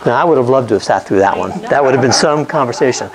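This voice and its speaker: Man, mid-pitched voice, informal Bible lesson, conversational, restarts his sentences, keeps asking "okay?". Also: expressive, fast, crowd noise, poor audio. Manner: conversational, often checks in with "okay?". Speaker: Bible teacher.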